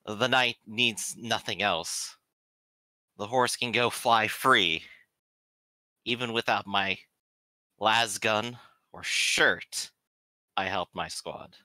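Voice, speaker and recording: A man's voice: lowish voice, pushed and bright, no room sound, exaggerated voice. A man as a humble wounded psyker soldier. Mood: reflective. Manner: slow and reflective. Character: injured young male psyker soldier, humble and quiet.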